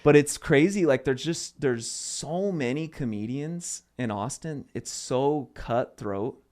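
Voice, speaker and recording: A man's voice: mid-range voice, slow. A young man from Arizona, a guest comedian, telling stories in a casual podcast chat with loose fillers. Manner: animated storytelling with loose fillers.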